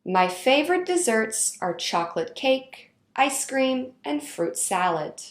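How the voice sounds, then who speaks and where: A woman reading out a grammar lesson in a clear, instructional way. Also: high-pitched, very animated, reverberant. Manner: slow, clear instructional delivery. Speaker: teacher. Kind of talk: scripted lesson narration.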